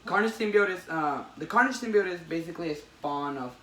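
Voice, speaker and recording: A man hosting a casual comic book chat, retelling a story with excitement and many restarts. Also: fairly high pitch, a little fast, far from the mic. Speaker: podcast host. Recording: echoey room, faint noise.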